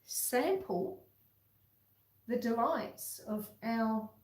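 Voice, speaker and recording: A woman homesteader hosting a cooking stream from her kitchen, talking in an unhurried, chatty way. Her voice sits a touch higher than most. The roomy kitchen gives it a clear echo. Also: animated, a little mellow. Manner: chatty and homely, talking viewers through each step. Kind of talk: casual live-stream chat while cooking. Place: home kitchen with a wood stove.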